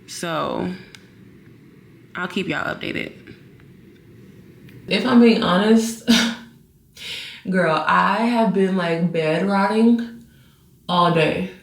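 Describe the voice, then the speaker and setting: Slow-talking young woman in a roomy echo. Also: fairly low pitch, gravelly. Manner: exasperated, ranting to viewers. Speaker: vlogger. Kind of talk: casual chat to camera. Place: bedroom.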